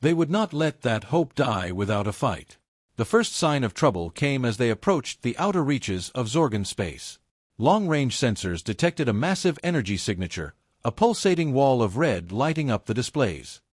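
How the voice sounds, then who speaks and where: A man reading a science fiction story as audiobook narration, in a dramatic, measured way. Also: mid-range voice, very animated, no echo, clean studio sound.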